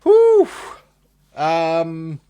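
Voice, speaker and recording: A man with a Swedish accent talks casually to his live-stream chat, voice sitting a bit higher than most men. He chuckles often and circles back over the same phrases as he reacts. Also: wildly swooping pitch, extremely slow, clear, resonant tone, lo-fi sound. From Sweden. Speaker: livestreamer.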